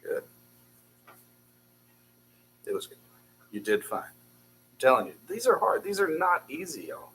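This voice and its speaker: A man's voice: a little high, sing-song, a little slow, long pauses, fairly bright tone, slight background noise, low-quality recording. A man teaching a beginners' Hebrew class, patiently drilling syllables and encouraging his students. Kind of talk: classroom language lesson.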